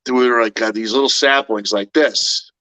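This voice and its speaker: Mid-pitched male co-host, casual and rambling, restarts often, dry close sound. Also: fairly even intonation, bright, forceful tone, dry recording, rough recording. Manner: rambling, halting. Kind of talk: casual storytelling chat.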